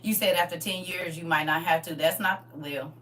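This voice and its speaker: A woman's voice: fairly low pitch, steady tone, moderate pace, fairly bright tone, recorded from a distance. A middle-aged woman chatting on her livestream, playful and boisterous, laughing often. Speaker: livestream host. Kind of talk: casual livestream chat. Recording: voice from away from the mic.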